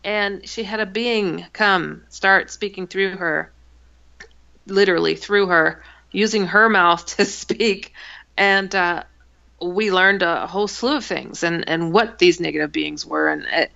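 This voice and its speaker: Gravelly, bright-voiced woman telling a story. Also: on the low side, a little slow. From Milwaukee, USA. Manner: animated, acts out dialogue in the story. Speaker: author and guest. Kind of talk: interview storytelling. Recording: dull lo-fi, dry.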